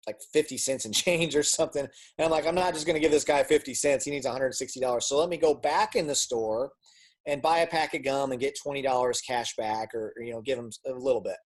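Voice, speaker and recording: A man giving a personal testimony as a guest speaker, telling a story with lively acted-out dialogue and frequent repeated words. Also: medium pitch, fast talker. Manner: animated storytelling, acts out dialogue; repeats words when restarting.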